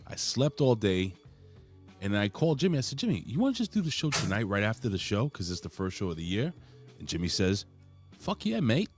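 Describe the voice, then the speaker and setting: A man's voice: fairly low pitch, very animated, quick pace, faint music behind. A man hosting a casual wrestling podcast, talking in a boisterous, hype-man way with plenty of swearing. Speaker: podcast host.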